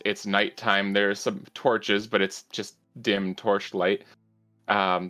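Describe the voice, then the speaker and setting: Slow talking guy dm, bright tone, lots of uhs, faint music behind. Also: lowish voice. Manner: measured, halting with fillers and restarts. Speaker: game master. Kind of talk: narrating a tabletop game.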